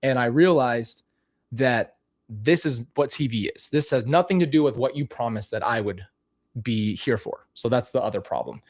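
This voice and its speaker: Male vlogger, mid pitch, candid and animated, talks straight to camera with restarts; casual commentary. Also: normal speed. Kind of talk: casual commentary on old clips.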